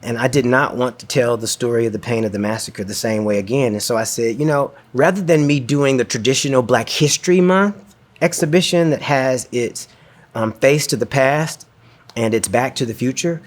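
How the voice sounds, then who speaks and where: A man's voice: medium pitch, normal speed. A man giving a talk, telling a personal story in an earnest, reflective way that turns emotional, acting out dialogue as he goes.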